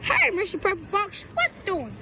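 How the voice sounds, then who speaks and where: A bratty, bossy boy , as a woman puts him on in a game role-play, teasing and goofy. His voice is high and swoops up and down, with a light hiss in the background. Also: huge pitch swings, moderate pace, sharp tone, exaggerated voice. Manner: taunting and silly. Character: pesky boy who taunts and chases, bossy.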